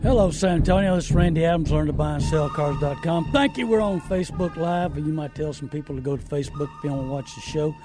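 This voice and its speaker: A man's voice: fairly high pitch, huge pitch swings, fast, hardly any pauses, music in the background. A man hosting a call-in radio show, talking in a folksy, preachy, down-to-earth way.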